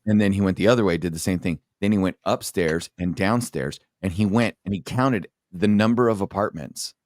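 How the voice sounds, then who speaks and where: Middle-aged ex-sergeant guest, very deep voice, blunt and profane, telling stories from the job. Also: male voice, fairly quick, a little mellow, no echo, clean studio sound. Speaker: former police sergeant, podcast guest. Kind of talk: casual storytelling in a podcast chat.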